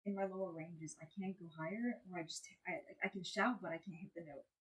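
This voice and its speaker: A woman's voice: fairly low pitch, fast, low-quality recording. A young woman on a live stream, chatting candidly, rambling and swearing casually between sung lines. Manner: sings along softly, then chats candidly and rambles. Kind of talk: casual chat with singing along.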